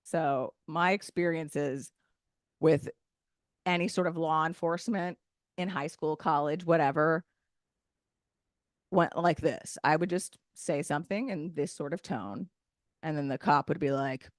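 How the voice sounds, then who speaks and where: A woman in her thirties works through a stand-up comedy set with a loud, brash and opinionated delivery. Her pitch sits in an ordinary middle range. The sound is dry and close, with little room around it. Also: a little slow, pauses often, no echo. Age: 30s. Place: event stage.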